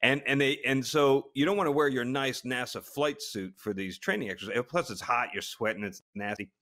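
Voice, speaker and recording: A man's voice: mid-range voice, fairly quick, pushed and bright. A middle-aged man and podcast co-host telling a funny story in casual chat, often breaking into laughter and restarting his sentences. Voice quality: short of stature (said), plain voice. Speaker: podcast co-host, former astronaut.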